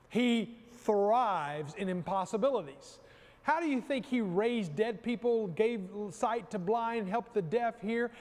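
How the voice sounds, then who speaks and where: High-voiced pastor preaching in a reverberant hall. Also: male voice, a little mellow. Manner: emphatic, repeats phrases, calls on the congregation. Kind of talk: sermon.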